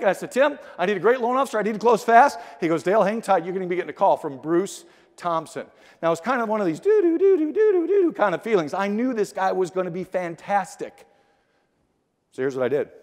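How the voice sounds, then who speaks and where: A middle-aged man giving an energetic motivational keynote speech in a large conference hall, telling stories and acting out the dialogue. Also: high voice. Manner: energetic, storytelling with acted-out dialogue. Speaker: keynote speaker. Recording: long hall reverb.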